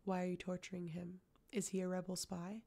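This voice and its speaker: A woman voicing a fierce, imperious witch leader who demands answers bluntly, in a gravelly voice with little rise and fall. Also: medium pitch, fairly even intonation, moderate pace, a little mellow, lightly acted. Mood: demanding.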